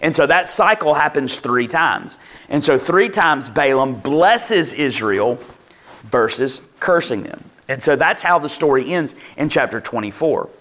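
At a measured pace, a pastor preaches conversationally to his congregation in a fairly high, expressive, somewhat bright voice. His sermon includes asides and restarts, and he acts out quoted lines more animatedly.

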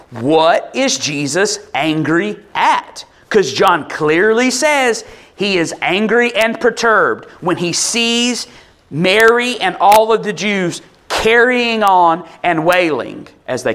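A man's voice: high-pitched, fairly bright tone. A male pastor preaching a conversational, expository sermon, firing rhetorical questions at the congregation.

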